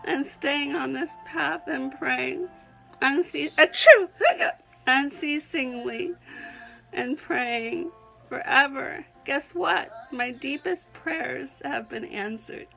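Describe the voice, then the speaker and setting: A woman with a Southern accent reads her own prayerful poem slowly, in a high voice with a gravelly edge. She keeps breaking off to sneeze and laugh and sounds close to tears. Soft music plays faintly behind her. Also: low-quality recording. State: teary, on the edge of crying. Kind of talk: prayerful spoken-word poetry reading.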